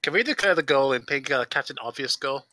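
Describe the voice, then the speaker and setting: A man's voice: medium pitch, lively intonation, fast, pushed and bright, no echo. A man on a casual voice-chat stream who makes blunt, wisecracking jokes. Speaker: friend on a stream.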